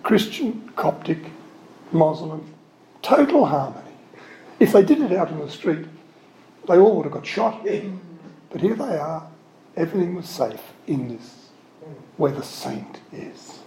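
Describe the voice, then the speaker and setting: Here the man's voice sits a little high and sing-song, mellow and unhurried with long pauses, over slight background noise and a roomy echo with faint ambience. He's a Catholic religious speaker telling stories in a spiritual talk that wanders through digressions and self-corrections. He's earnest and openly emotional throughout.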